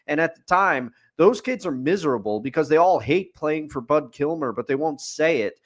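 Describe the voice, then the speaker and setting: A man's voice: a little high, animated, moderate pace. A man co-hosting a podcast, giving an opinionated, rambling movie review in casual chat with fillers and restarts. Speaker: podcast co-host. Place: studio.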